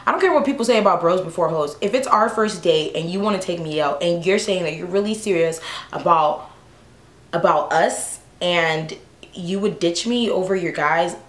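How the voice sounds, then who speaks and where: Young woman vlogger, low-pitched, lively and exasperated, roomy echo. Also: moderate pace. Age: 20s. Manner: animated and exasperated, slangy. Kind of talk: storytime vlog.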